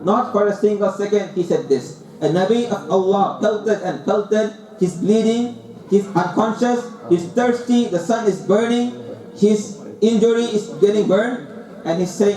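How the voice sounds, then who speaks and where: Male preacher, high voice, emphatic and repetitive, recorded from afar in a hall. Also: measured pace, mellow. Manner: impassioned, pleading, repeats phrases. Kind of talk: sermon. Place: mosque hall. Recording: echoey hall, distant mic.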